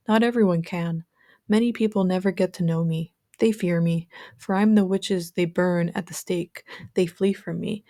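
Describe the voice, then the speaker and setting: An ancient crone with a raspy, low voice, gruff at heart but grandmotherly, as a woman reads her aloud. She speaks in solemn, proclaiming tones with a soft, mellow warmth. A storybook witch of great age and wisdom. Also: no room sound, studio quality, lightly acted.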